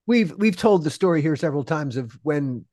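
A man's voice: fairly high pitch, expressive, normal speed, darkish tone, dry recording, clean studio sound. A man co-hosting a podcast, asking a guest a question in a casual tone and stumbling over repeated words. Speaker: podcast co-host. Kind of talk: casual interview chat.

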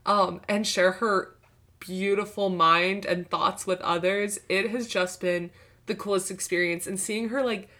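A young woman co-hosting a podcast in casual chat, speaking warmly and effusively. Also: medium pitch, steady tone, measured pace. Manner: warm, effusive, heartfelt. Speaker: podcast co-host.

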